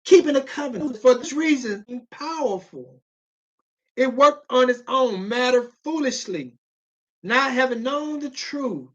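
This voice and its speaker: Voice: high-pitched, animated, a little slow. Emphatic preacher, lo-fi recording. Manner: emphatic, pleading, with repeated phrases and bursts of shouting. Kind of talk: sermon with scripture reading.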